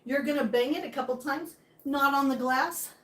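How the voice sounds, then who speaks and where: A woman's voice: sits high, moderate pace, a bit bright. A woman hosting a live stream from her home kitchen, chatting casually and joking as she answers viewer comments while she cooks.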